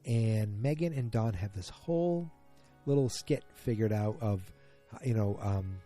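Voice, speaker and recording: Mellow low-voiced man rambling casually. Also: animated, measured pace, faint music behind. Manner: rambling, self-correcting storyteller. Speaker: podcast host. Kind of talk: casual solo recap podcast.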